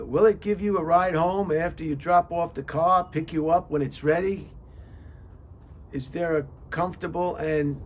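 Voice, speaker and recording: In a casual monologue, a man gives car service tips, reading questions off a list and rambling with jokes and asides, repeating words and using many fillers. His voice is fairly high and fairly bright, with slight background noise.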